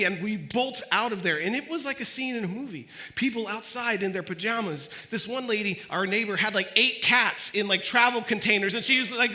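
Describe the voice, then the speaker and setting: High, sharp-voiced young man telling a story. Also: fairly quick, few pauses. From Los Angeles. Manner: casual, animated storytelling that acts out quoted voices. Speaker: student ministry speaker. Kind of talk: storytelling sermon.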